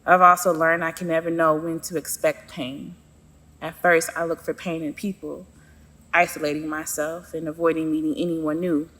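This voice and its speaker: A woman's voice: low voice, little pitch movement, normal speed, fairly bright tone, big-room sound. A woman narrating her own story in the first person, with a sassy, sarcastic manner.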